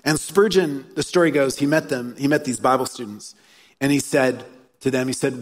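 A man's voice: medium pitch, normal speed. A man preaching a sermon as a pastor, earnest and storytelling, repeating key phrases. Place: church hall. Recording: live sermon in a reverberant hall.

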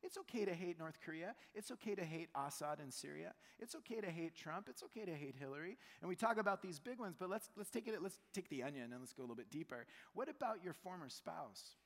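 A male pastor preaching a sermon in a conversational, animated way, acting out quotes. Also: a little high, fast talker, few pauses. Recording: long church hall reverb.

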